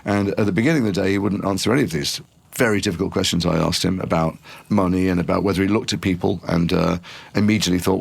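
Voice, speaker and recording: A middle-aged man from Liverpool with a softened Liverpool accent, telling long rambling stories in a podcast interview. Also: low-pitched, quick pace, creaky, slightly rough. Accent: refined Liverpool English. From Liverpool, England. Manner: rambling, animated storyteller with many restarts. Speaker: actor guest.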